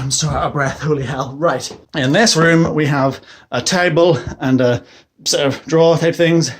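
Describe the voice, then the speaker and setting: A young British man vlogging a casual tour of his house, chatty and rambling, often exclaiming and laughing at himself. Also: fairly high pitch. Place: a house, indoors.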